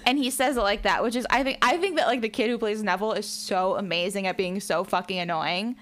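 A woman co-hosting a casual recap podcast, animated and quick to act out lines in silly voices. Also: medium pitch. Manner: animated, acts out lines in voices, swears freely. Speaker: podcast co-host.

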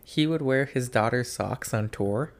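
A young man chatting casually, rambling and halting with lots of fillers. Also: mid-range voice, vocal fry. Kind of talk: casual chat.

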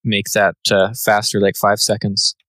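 A man's voice: lowish voice, completely flat delivery, normal speed, fairly bright tone, no echo. A man co-hosting a casual podcast, with wry, teasing asides. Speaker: podcast co-host.

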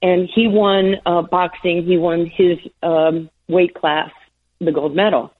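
A woman in her sixties, a former basketball player from New York, tells stories in an interview. She laughs often and does the voices of the people she quotes. Her voice is husky and comes through like a thin phone line. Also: fairly low pitch, fairly even intonation, slow. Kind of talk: storytelling interview. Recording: tinny phone-line sound.

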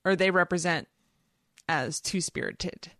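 Woman, podcast co-host, casual chat, animated, detailed recaps, slightly low voice. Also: a little slow, dry recording, studio quality.

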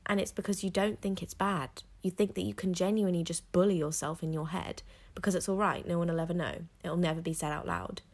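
A woman's voice: on the low side, a little fast, a little mellow. A teenage girl hosting a solo podcast, talking frankly and rambling, with lots of "like" fillers. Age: teens. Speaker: podcast host. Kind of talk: candid solo podcast monologue.

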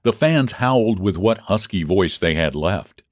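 Man reading a story with lively expression. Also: sits low, a little slow, dry recording, clean studio sound. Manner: expressive reading, shouting out the fans' cries. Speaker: audiobook narrator. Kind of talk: scripted narration of a classic baseball story.

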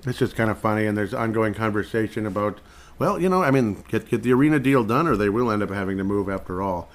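A man's voice: on the low side, expressive, quick pace. A man hosting a podcast in casual sports chat, rambling along and chuckling between thoughts. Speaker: podcast host.

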